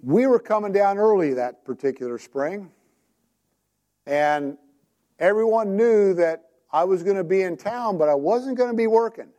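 A male preacher with a slightly high but mellow voice, delivering a sermon like a friendly conversation. He tells stories and keeps turning to his listeners with questions. His delivery feels easy and unforced. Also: lively intonation, normal speed, highs cut off.

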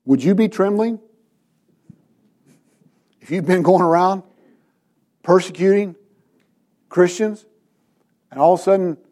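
Man, high voice, sermon, preacher, acts out scripture, asks questions, church congregation. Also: measured pace, pauses often, warm tone. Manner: dramatizes scripture with quoted voices.

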